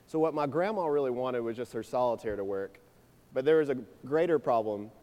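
A man's voice: mid-range voice, brisk. Young man preaching in a reverberant hall. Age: 20s. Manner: conversational, energetic storyteller. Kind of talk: sermon with personal storytelling. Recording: long reverb of a large hall.

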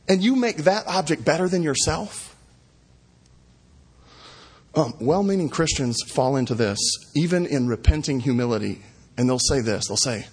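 Husky preacher with dramatic repetition. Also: male voice, on the high side, expressive, measured pace. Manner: dramatic, repeats phrases for emphasis, acts out quotes. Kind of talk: sermon.

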